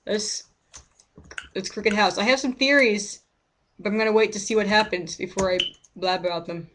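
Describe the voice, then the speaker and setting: A woman's voice: mid-range voice, fairly even intonation, normal speed, a bit bright, slight background noise. A woman streaming a game, giving rambling, chatty commentary and often cutting herself off mid-word. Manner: rambling, chatty, self-interrupting. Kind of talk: casual let's-play commentary.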